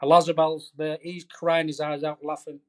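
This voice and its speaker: A man's voice: a little high, normal speed. A middle-aged man, a veteran golf caddie, telling colorful stories as a podcast guest. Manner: animated, colorful storyteller. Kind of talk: storytelling anecdote in a podcast interview.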